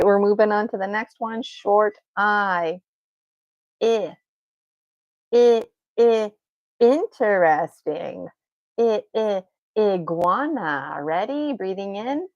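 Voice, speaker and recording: A woman's voice: mid-range voice, a little mellow, no room sound, lo-fi sound. A woman teaching an unscripted guided vocal exercise, encouraging and laughing often as she draws out vowel sounds. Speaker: voice and breathing teacher.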